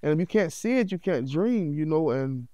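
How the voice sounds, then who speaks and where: A man's voice: a little high, lively intonation, moderate pace, mellow, no echo, clean studio sound. A middle-aged man, a podcast guest, telling his life story in a heartfelt, conversational way that is peppered with "you know what I'm saying.".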